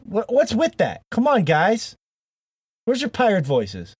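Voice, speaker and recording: A man's voice: high voice, huge pitch swings, unhurried, darkish tone, husky, no echo. A man hosting a gaming podcast in casual chat, joking, rambling and laughing often. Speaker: podcast host.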